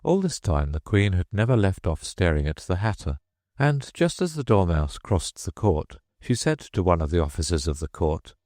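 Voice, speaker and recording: A man's voice: low voice, moderate pace, no echo, studio quality. A man reading a children's classic aloud as an audiobook narrator, telling it expressively. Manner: expressive storytelling. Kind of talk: scripted narration.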